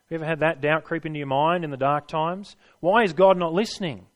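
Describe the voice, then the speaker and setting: A man's voice: fairly high pitch, fast talker. A man preaching a sermon, stressing his points and putting rhetorical questions to his listeners.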